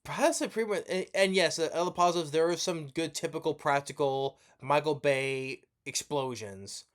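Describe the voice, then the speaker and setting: A man's voice: fairly high pitch, normal speed. A man in a slightly raised register delivers a rambling movie review rant. He is sleepy and yawning, drifting between points, tripping over his own restarts, and dropping casual swear words. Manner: rambling and profane, many restarts.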